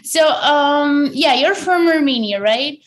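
A woman hosts a casual interview podcast in a notably high voice. She sounds bubbly and a little hesitant, filling gaps with ums and uhs. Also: expressive, takes it slowly. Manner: bubbly, hesitant with many fillers. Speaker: podcast host.

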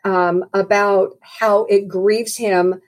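A woman's voice: mid-range voice, level tone, slow pace. Earnest woman sharing a testimony. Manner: earnest, emphatic retelling. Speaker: Christian speaker. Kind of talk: testimony storytelling.

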